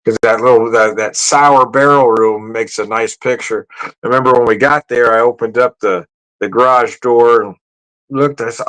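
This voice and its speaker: A man's voice: steady tone, normal speed, fairly bright tone, low-quality recording. A man hosting a casual beer livestream, rambling and chuckling, correcting himself as he talks. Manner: raises his voice high to mimic greetings. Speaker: beer vlogger.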